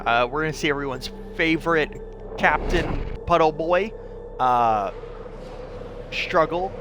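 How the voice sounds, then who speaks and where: A young man streaming a game, rambling in casual commentary with free swearing, self-mocking asides, and a scratchy throat he keeps clearing. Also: a little high, unhurried, pauses often, music in the background.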